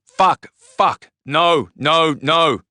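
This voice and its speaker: A man reading a novel aloud, voicing a frantic young man who shouts in panic at a car crash. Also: fairly low pitch, steady tone, fast, no echo, clean studio sound, close to an everyday voice. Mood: panicked shouting.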